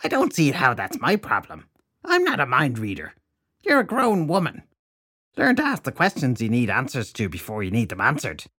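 A man voicing a spiteful old fairy crone who talks down to others in a sharp, condescending way. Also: mid-range voice, wildly swooping pitch, moderate pace, husky, voice pushed up, exaggerated voice. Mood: scornful.

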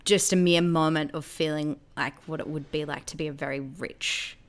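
A woman's voice: low voice, steady tone, moderate pace. A young woman co-hosting a podcast, chatting casually and teasing her friend. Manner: playful teasing, laughs often. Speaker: podcast co-host. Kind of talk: casual chat.

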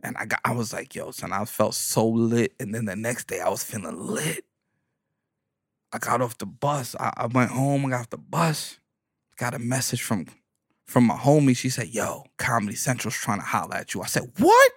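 A male comedian with a thick Bronx New York accent spins a story in a profane, slang-heavy style, riffing and doubling back on his own jokes. His voice sits at an ordinary male pitch. The recording is dry and close, with no room echo. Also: normal speed. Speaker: stand-up comedian.

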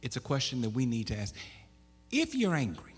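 A man preaching a sermon, with loud emphatic bursts, stammered restarts and questions to the congregation. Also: medium pitch, wildly swooping pitch, fairly quick, breathy edge. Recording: echoey hall.

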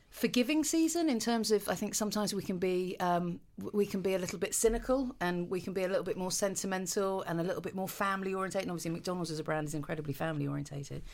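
A woman, a podcast guest who rambles through her thoughts in a lively, self-deprecating way with many fillers. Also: fairly low pitch. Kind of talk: casual chat.

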